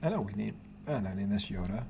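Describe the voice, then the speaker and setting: A man co-hosting a casual sports talk show, jokey and quick to laugh, swearing now and then. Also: lowish voice, expressive, gravelly, background noise. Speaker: podcast co-host.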